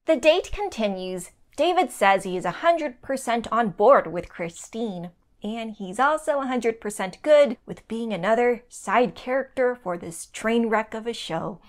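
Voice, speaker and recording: A woman's voice: fairly high pitch, expressive, a little slow. Wry woman reading a show recap. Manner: wry, laughs between lines. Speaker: recap podcast co-host.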